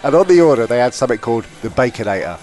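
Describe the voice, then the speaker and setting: Host, man, lively storyteller who laughs a lot, faint music under him. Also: medium pitch, very fast. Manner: animated, laughs often, acts out quotes. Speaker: podcast co-host. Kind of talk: casual storytelling chat. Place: tour bus.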